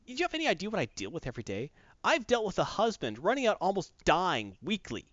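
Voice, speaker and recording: A man's voice: high-pitched, wildly swooping pitch, quick pace, fairly bright tone, dry recording, lo-fi sound, heavily acted. A man voicing a fed-up, defiant mother and wife in an exasperated rant. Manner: exasperated, ranting.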